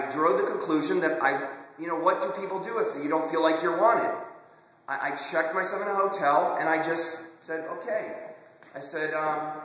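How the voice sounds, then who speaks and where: A man's voice: a little high, sharp tone. A man speaking earnestly and with passion in a personal confessional monologue, often repeating words as he restarts his sentences. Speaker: video blogger. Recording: very echoey room with long reverb.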